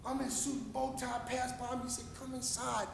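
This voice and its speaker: A man from Paterson, New Jersey, giving an impassioned, preacher-like public comment at a city council meeting, rambling and fervent, with loudness that swells and drops. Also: very high-pitched, monotone, brisk, creaky, slight background noise. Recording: echoey council chamber with long reverb.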